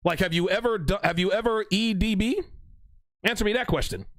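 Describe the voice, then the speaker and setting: A man's voice: sits high, a little fast, fairly bright tone, no echo. A man hosting a live stream, reading chat comments aloud and teasing a viewer with laughing mock-courtroom banter. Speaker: livestream host reading chat.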